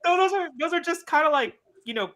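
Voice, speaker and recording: A man's voice: very high-pitched, expressive, brisk, bright, forceful tone. A man hosting a casual interview, supportive and full of affirmations, often restarting his sentences. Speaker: podcast host.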